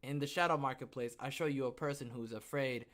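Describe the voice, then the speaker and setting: Out of breath post-workout, the man chats casually on his podcast livestream, rambling and speaking to himself in the gaps between topics. His voice is mid-range and a bit bright, and he talks briskly.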